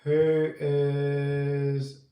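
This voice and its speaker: A New Zealand man hosts a casual livestream, greeting viewers one by one at an unhurried pace. His voice sits a little high and comes from a step back from the mic. The empty room around him gives off a strong echo. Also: completely flat delivery, recorded from a distance, dull audio. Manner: greets viewers by name, slow and laid-back. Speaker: livestream host. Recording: echoey room, voice a bit off-mic.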